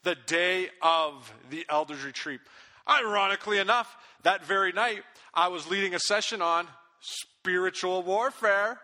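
A man's voice: sits high, measured pace, sharp tone. A man preaching a sermon, telling a story animatedly and acting out his own angry outbursts. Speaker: pastor. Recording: long reverb of a big hall.

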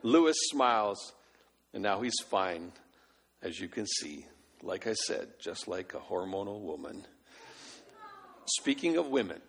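Gravelly male preacher in a reverberant hall. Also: on the low side, moderate pace. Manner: animated, acts out quoted voices. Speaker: pastor. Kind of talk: sermon.

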